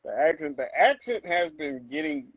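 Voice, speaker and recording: Hesitant soft-spoken man, dry sound. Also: a little high, big pitch swings, moderate pace, husky, no room sound, low-quality recording. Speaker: chat guest. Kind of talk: casual livestream chat.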